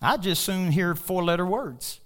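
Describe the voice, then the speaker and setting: A pastor preaching with passion, his voice a touch higher than most men's. He swings from loud, soaring bursts down to quiet, low asides. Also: measured pace. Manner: animated storytelling with laughter. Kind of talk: sermon.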